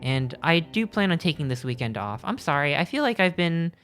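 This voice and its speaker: A man's voice: on the high side, big pitch swings, brisk, a bit bright, smooth. Male streamer, loose and jokey, talks in fits and starts; faint guitar music in the background. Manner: rambling, jokey, self-interrupting. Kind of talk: casual chat with live chat.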